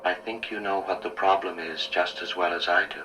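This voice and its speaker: HAL 9000, calm deep computer. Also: male voice. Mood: calm refusal. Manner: calm, soothing, measured. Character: calm male shipboard supercomputer, unyielding. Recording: distant film audio with faint noise.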